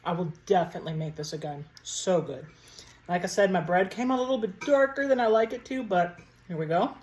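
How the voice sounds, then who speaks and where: A woman's voice: on the low side, fairly quick, darkish tone, slight background noise. Chatty woman cooking for viewers. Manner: chatty, talks to viewers while cooking and tasting. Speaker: cooking vlogger. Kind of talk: casual cooking vlog.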